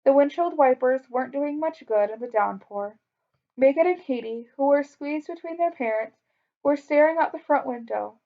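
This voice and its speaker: A woman reading a children's story aloud in a clear, expressive way. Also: high-pitched, moderate pace. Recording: dull lo-fi recording.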